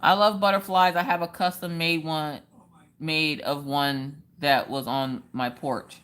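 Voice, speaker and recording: A woman's voice: low voice, fairly even intonation, a little slow, fairly bright tone. A woman hosting a casual craft live stream, joking around and answering viewers in the chat by name.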